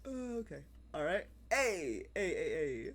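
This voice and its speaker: A livestreamer with a mid-range, slightly bright voice chats casually while playing a game, unhurried yet very animated. The talk rambles, with phrases repeated and frequent laughter.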